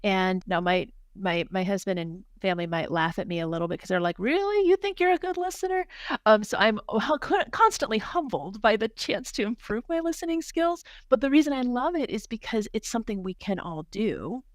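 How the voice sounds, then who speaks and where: A woman who is a hospital doctor, speaking as a guest in a podcast interview, talking fast and earnestly, with many restarts and repeated words. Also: medium pitch, animated, no echo, clean studio sound. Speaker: hospital physician executive, guest.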